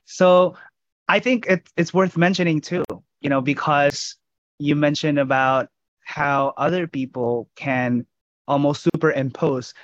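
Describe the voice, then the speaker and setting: A man's voice: on the high side, steady tone, measured pace, no echo, muffled recording. A man hosting a podcast, speaking earnestly and thoughtfully to his guest and listeners. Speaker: podcast host. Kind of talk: podcast interview.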